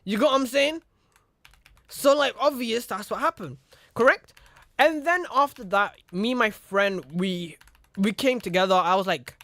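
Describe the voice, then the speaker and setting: In a very high-pitched, expressive voice with a bit of brightness, this young streamer spins a meandering, casual story at a moderate pace. The recording is echo-free, and he voices the characters he describes while repeating "you know what I mean."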